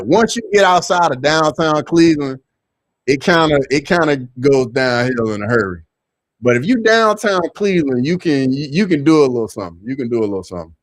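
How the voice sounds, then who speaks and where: A young man with a Southern accent hosts a casual livestream, talking loose and slangy and spiking into loud, excited bursts. His voice sits in a middle register, and it is recorded dry and close with no room behind it. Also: medium pitch, no echo. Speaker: livestream host reading chat.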